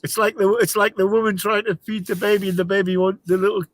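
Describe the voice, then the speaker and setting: A man's voice: high voice, level tone, quick pace, no echo. A man hosting a live stream, chatting casually and telling rambling jokes. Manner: rambling, tells jokes with laughs. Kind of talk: casual chat. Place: parked motorhome spot.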